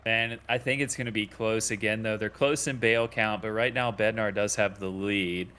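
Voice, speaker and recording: A man with a somewhat low voice co-hosts live esports commentary. He talks in an easygoing, teasing way and chuckles often. His delivery is casual and conversational. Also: steady tone, moderate pace, a bit bright, a little hiss or hum.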